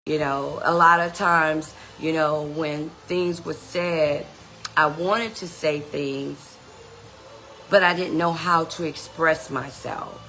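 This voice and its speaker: A woman's voice: sits low, fairly even intonation, takes it slowly, pushed and bright, soft background music, poor audio. A woman hosting a podcast, giving an earnest, motivational self-help talk and often saying "you know". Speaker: podcast host.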